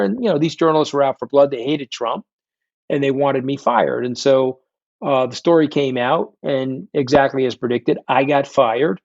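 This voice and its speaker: A man's voice: mid-range voice, moderate pace, gravelly, dry recording. Blunt, profane New man. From New York. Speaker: guest, fund founder. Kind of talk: candid storytelling interview. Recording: dull, dry lo-fi sound.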